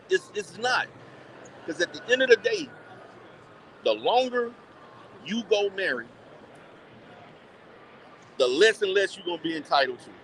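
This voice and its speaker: Male vlogger, high-pitched, blunt and animated, casual phone live chat with faint background noise. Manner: blunt, animated, laughs often, repeats words. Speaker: vlogger chatting with live viewers. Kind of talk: casual live-stream chat while shopping. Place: indoor shopping mall.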